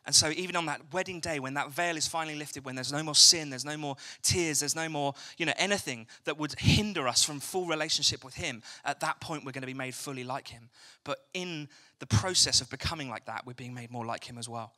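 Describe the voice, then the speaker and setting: English man, young, preaching a sermon, fairly high voice, very bright tone, joking with the crowd. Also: a little fast, few pauses. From England. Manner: chatty, jokey, asks the crowd questions. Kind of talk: evening church sermon. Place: church hall.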